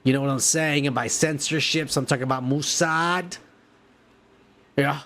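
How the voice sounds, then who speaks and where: A man's voice: a little high, fairly even intonation, normal speed, a bit bright. A male podcast host delivering a profane, ranting comedic news segment.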